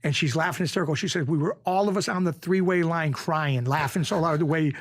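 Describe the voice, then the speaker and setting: New guy in his 50s telling stories, kinda higher voice, does everybody's voices. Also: brisk. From Springfield, Massachusetts. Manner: animated anecdotes, acts out quoted voices. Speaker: guest. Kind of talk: casual storytelling.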